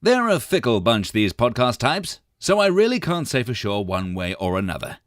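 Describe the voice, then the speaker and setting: A man's voice: mid-range voice, big pitch swings, moderate pace, no room sound, studio quality. A man with a British accent announcing in a theatrical, wry scripted narration.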